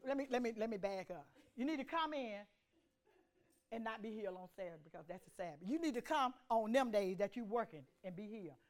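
A woman preaching a sermon in a church, with call-and-response and swings from loud declarations to hushed asides. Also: mid-range voice, lively intonation, quick pace.

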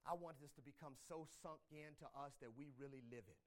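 A man preaching a sermon in church, swinging between loud exhortation and quiet, repeated phrases. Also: fairly high pitch, fairly quick. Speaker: pastor.

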